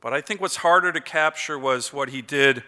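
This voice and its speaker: Bright-voiced man speaking in a big hall. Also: medium pitch, moderate pace, smooth. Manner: chatty anecdotal storytelling with many fillers. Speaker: award recipient giving a speech. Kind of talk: after-dinner acceptance speech. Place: large banquet hall. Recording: long reverb of a big hall.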